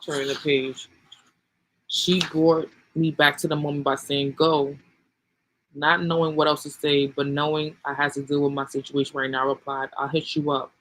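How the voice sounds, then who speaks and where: A man's voice: on the high side, little pitch movement, normal speed, fairly bright tone, poor audio. A man hosting a channel, casually reading a book aloud and adding his own commentary, often saying um and you know.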